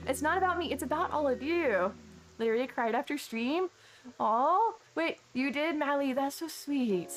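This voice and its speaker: A woman streamer chatting casually on a live stream, thanking viewers effusively and rambling with lots of restarts. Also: high voice. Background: background music.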